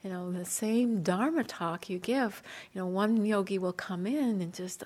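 A woman meditation teacher giving a dharma talk in a gentle, soft-spoken, unhurried way, with light laughter between points. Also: medium pitch.

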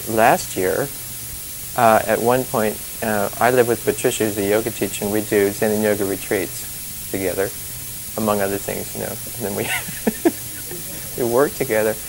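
A man's voice: lowish voice, a little hiss or hum, low-quality recording. A man giving an informal dharma talk as a meditation teacher. He rambles in a chatty way, often laughs, and fills his speech with "you know" and "you see.".

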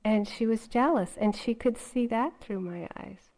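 A woman's voice: fairly high pitch, measured pace, mellow, rough recording. A woman meditation teacher giving a dharma talk in a conversational way, often adding "you know" as she goes.

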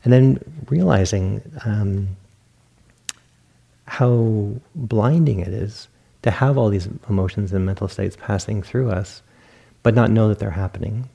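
A man with a low, gravelly voice gives a meditation talk in an easygoing, reflective way. His tone is dark and mellow, and he tells stories with small self-amused laughs. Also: a little slow. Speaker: meditation teacher. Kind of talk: dharma talk at a retreat. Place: meditation hall.

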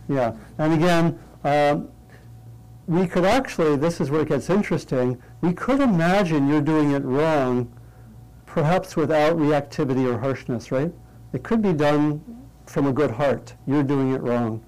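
A man's voice: a little high, darkish tone, rough recording. Man teaching meditation with light humor. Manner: light, humorous, often checks in with "right?"; thinks aloud with restarts and pauses. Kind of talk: interactive dharma talk with a group.

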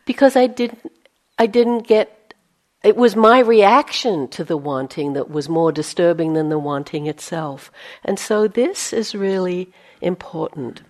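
A woman with a slightly low voice gives a dharma talk as a meditation teacher. She keeps it conversational, with playful self-mocking asides. At times she drops to a near-whisper to voice her inner thoughts. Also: a little slow, darkish tone.

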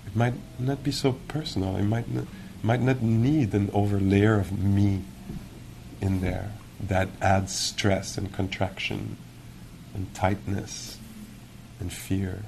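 A man giving a meditation teacher's dharma talk in a gentle, reflective, musing way, with many pauses. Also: lowish voice, flat delivery, creaky, slight background noise. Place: retreat hall.

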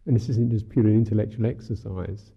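A male Buddhist monk gives a dharma talk in a wry, unhurried, musing way. His voice is husky with a gravelly edge, sitting at an ordinary pitch for a man. The recording is thin and phone-like. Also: steady tone. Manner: musing, unhurried, wry, many "you know" fillers.

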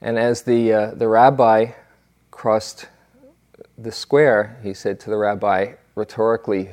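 A man's voice: fairly low pitch, flat delivery, a little mellow. A man giving a dharma talk as a meditation teacher, telling stories in a reflective way with fillers. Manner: unhurried, reflective storytelling with fillers.

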